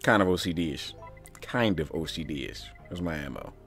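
A man's voice: extremely low pitch, animated, normal speed, a bit bright, soft background music. A man giving casual, profane commentary while playing a video game, grumbling and talking back to the game itself. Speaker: streamer.

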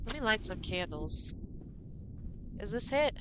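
A woman's voice: medium pitch, big pitch swings, measured pace, noisy background. A woman streaming a horror game live, chatting playfully with her viewers and sounding jittery. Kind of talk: live gameplay commentary.

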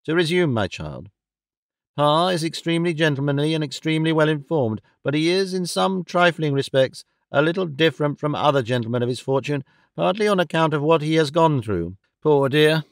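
A man reading an audiobook voices a proud, sharp-tongued young woman who talks in a lofty, affected way. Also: fairly high pitch, expressive, clean tone, no echo, studio quality. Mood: lofty, confiding. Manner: lofty, affected, quick to snap.

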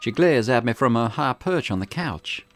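A man's voice: mid-range voice, lively intonation, normal speed, faint music behind. A man hosting a let's play, reading a detective visual novel aloud with casual asides.

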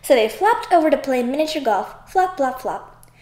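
A woman reading a children's picture book aloud, expressive and sing-song. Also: high-pitched, normal speed, echoey room. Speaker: audiobook reader. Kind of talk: children's story read aloud.

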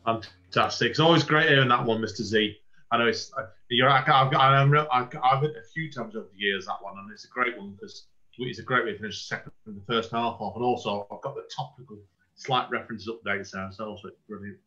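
A man hosts an open mic night, chatting casually and tripping over his restarts. His voice is bright and forceful. The sound comes through a dull, lo-fi video call. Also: lowish voice, quick pace. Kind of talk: casual hosting chat.

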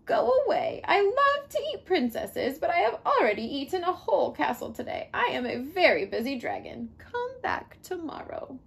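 A woman voicing a boastful, lazy male dragon in a storybook read-aloud, with a drawn-out sing-song delivery. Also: very high-pitched, huge pitch swings, gravelly, voice pushed up, full character voice.

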